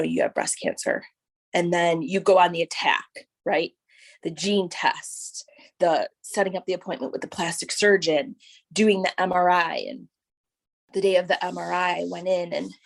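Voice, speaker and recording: A woman with a slightly low, gravelly voice tells her own story as a guest. She talks in lively bursts full of "like" and "right?", and she acts out the voices of the people in it. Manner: animated storytelling, acting out quoted voices; frequent fillers like "like" and "right?". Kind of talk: personal testimony.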